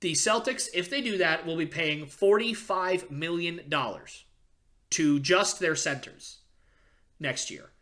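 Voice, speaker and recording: Guy on a sports podcast going off, bright forceful voice, keeps stumbling over his words. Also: on the high side, unhurried. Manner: excitable fan rant with restarts and stammers. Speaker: podcast host. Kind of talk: casual sports podcast monologue.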